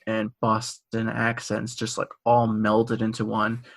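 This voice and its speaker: Husky young man, casual podcast chat. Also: on the low side, completely flat delivery, slow pace. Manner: laughing easily, storytelling. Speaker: podcast co-host.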